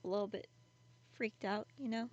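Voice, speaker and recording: A woman's voice: mid-range voice, fairly even intonation, moderate pace, lo-fi sound. A woman casually retelling a creepy story in a chatty, conversational way with many fillers.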